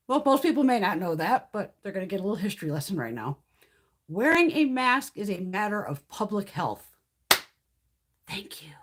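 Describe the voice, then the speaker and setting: Blunt, profane, animated woman. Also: medium pitch. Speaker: beauty livestream host. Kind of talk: casual chat while reading live comments.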